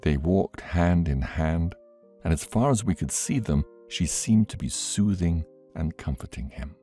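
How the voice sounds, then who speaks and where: A man narrating a book in a measured, expressive reading. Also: sits low, faint music behind. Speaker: audiobook reader.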